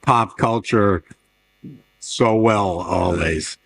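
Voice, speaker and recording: A man interviewing on a panel, with quick wry remarks and anecdotes. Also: on the low side, vocal fry. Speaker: interviewer, art newsletter publisher. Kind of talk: casual panel conversation. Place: fair talk stage.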